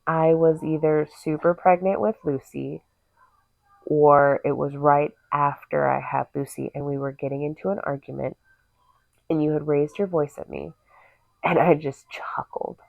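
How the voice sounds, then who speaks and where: A woman's voice: low-pitched, fairly even intonation, unhurried, vocal fry, dry recording. A woman co-hosting a casual couples podcast, blunt and teasing, acting out quotes as she tells stories. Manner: teasing, blunt, acts out voices in her stories. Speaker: podcast co-host. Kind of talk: casual chat. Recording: tinny phone-like sound.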